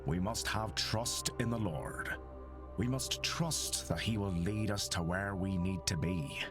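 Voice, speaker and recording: An actor playing a stern middle-aged reverend who delivers a solemn sermon in a measured, admonishing manner. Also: male voice, low-pitched, music in the background. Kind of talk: solemn game voice acting, sermon.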